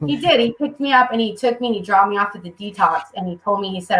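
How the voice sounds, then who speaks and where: A woman's voice: mid-range voice, fast, echoey room, rough recording. A woman speaking candidly at a recovery meeting, telling her own story with humor and acting out the people in it. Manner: candid, humorous, quotes people in lively voices. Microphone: video call.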